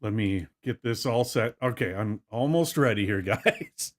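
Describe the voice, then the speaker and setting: Man, host, slow pace, animated pitch, casual, laughing. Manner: laughing, fumbling with setup. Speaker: podcast host running the stream. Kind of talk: casual chat.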